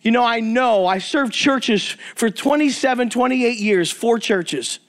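A man's voice: very high-pitched, unhurried. A middle-aged man preaching to men, telling a story and praying, emphatic and repeating phrases for effect. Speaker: traveling preacher. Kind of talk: sermon with storytelling and prayer.

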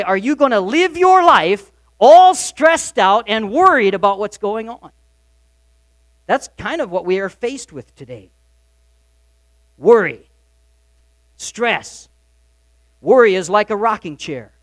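A pastor delivering a sermon in a fairly high male voice. He pushes hard on key lines, then drops to a soft, confiding tone. The sound is dry and close, with no room ring. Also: no echo. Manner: emphatic preaching, swinging between loud and soft.

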